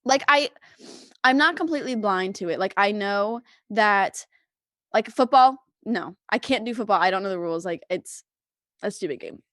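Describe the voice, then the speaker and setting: A woman's voice: mid-range voice, normal speed, a bit bright, no room sound, clean studio sound. A young woman co-hosting a podcast, telling a long story in casual chat, full of "like" and laughter. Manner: rambling storyteller, heavy use of "like", frequent laughter. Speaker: podcast co-host.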